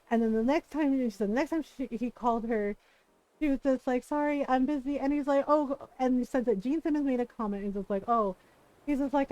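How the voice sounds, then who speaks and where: A woman streaming from home, telling an animated story to her chat, often quoting people and laughing. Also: high voice, no room sound, low-quality recording. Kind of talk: casual livestream chat.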